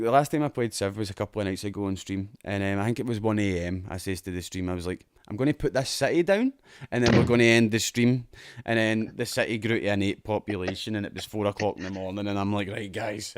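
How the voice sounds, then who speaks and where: Sweary Scottish podcast host, dry sound. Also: male voice, fairly low pitch, fast talker, no echo. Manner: rambling, sweary, enthusiastic. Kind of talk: casual gaming podcast chat.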